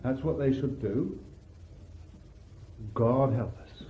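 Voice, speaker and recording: A man preaching a sermon with fervor, calling out hallelujahs and swinging between loud bursts and hushed words. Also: mid-range voice, a little hiss or hum. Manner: slow deliberate delivery, stretching key words. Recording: echoey hall, tinny lo-fi sound.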